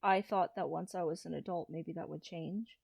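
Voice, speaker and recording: A trans man in his thirties, talking through a personal confessional vlog in a low-key, hesitant way with frequent restarts. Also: steady tone, normal speed, creaky, dry recording. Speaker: vlogger.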